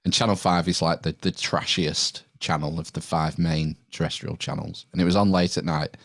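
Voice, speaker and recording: A British man with a very deep voice spins an offhand, laid-back story in casual podcast chat. He swears freely and breaks into laughter easily. The sound is dry and close, with no room echo. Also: fairly even intonation, moderate pace. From United Kingdom. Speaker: podcast guest or co-host.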